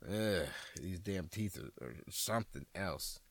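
Profane, animated man with a low voice. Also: a little slow, creaky. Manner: profane, animated, jumps into high excited outbursts. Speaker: comedian and podcast host. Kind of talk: casual comedic monologue.

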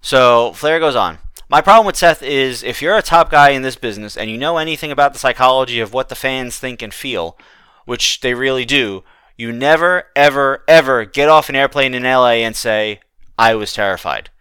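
A man's voice: medium pitch, normal speed, pushed and bright, clear, resonant tone, no room sound. A man hosting a wrestling podcast, chatting casually with plenty of restarts. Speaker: podcast host. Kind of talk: casual chat.

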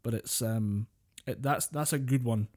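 Easygoing scottish guy on a podcast, mellow warm tone. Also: medium pitch, measured pace. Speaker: podcast co-host. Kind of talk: casual podcast chat.

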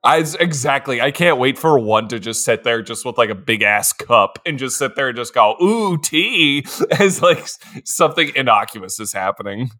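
A man co-hosting a podcast, joking loudly, laughing often and acting out silly voices. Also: mid-range voice, normal speed, few pauses. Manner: animated, laughs a lot, does silly voices. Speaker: podcast co-host. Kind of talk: casual comedic chat.

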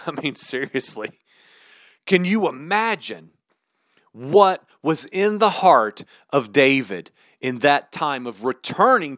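A man's voice: mid-range voice, fairly bright tone, no room sound, clean studio sound. A man preaching a sermon series in an earnest, conversational way. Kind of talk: sermon teaching.

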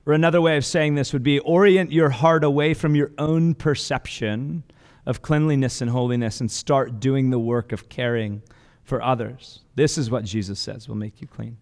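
A man's voice: mid-range voice, fairly even intonation, moderate pace, darkish tone. A man preaching a sermon as pastor, earnest and conversational, with casual asides and restarts. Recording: long hall reverb.

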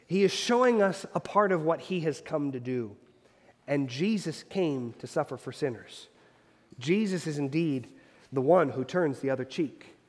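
A pastor in his thirties preaches in a church, his slightly raised voice carried by a long reverb. He talks earnestly, dropping to hushed tones and then pressing points home with emphatic force. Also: fairly high pitch, lively intonation, normal speed. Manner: earnest, swinging from soft to emphatic. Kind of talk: sermon. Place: church sanctuary.

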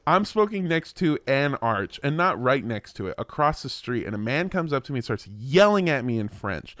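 Lively, profane man telling travel stories. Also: mid-range voice, moderate pace, dry recording, clean studio sound. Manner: animated, profane, mocking voices in stories. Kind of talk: casual chat, storytelling.

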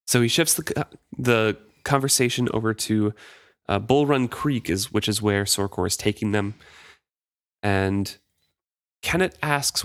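A man's voice: fairly low pitch, unhurried, a bit bright, no echo, clean studio sound. A man co-hosting a casual book discussion podcast, reading passages aloud and commenting with easy laughs. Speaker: podcast co-host.

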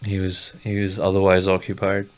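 A man's voice: low voice, completely flat delivery, moderate pace. A man co-hosting a podcast, chipping in with dry quips in casual chat. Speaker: podcast co-host.

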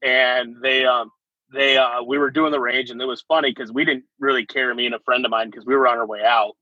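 A man's voice: mid-range voice, steady tone, brisk, no room sound, highs cut off. A young man, an army veteran, telling stories in a casual chat and laughing often between them.

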